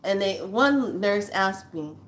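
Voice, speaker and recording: With a little hiss or hum in the background, a woman in her sixties speaks slowly but animatedly at a medium, slightly bright pitch. The spiritual vlogger casually relates a personal story to camera, calling her audience "lovelies" in her plainspoken, earthy, chatty style.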